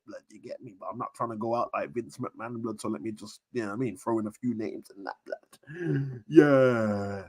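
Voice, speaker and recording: A young man chatting casually on a live stream about wrestling, full of slang, jumping between shouting and near-whispers. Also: lowish voice.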